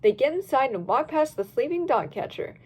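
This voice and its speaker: A woman narrating a fan-written story with a storybook lilt. Her voice is high and swings expressively from line to line. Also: brisk, breathy edge. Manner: lively storybook reading. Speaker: reader.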